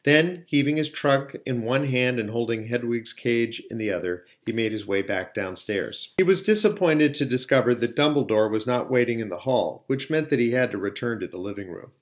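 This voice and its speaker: A man narrating a novel aloud at a steady pace, with a few small slips on words. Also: medium pitch, moderate pace, few pauses. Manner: steady, occasionally slipping on words. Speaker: audiobook reader. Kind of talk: storybook narration.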